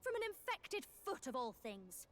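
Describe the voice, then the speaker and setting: Brash young warrior woman, high voice, commanding. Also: wildly swooping pitch, moderate pace, background noise. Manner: commanding, blunt.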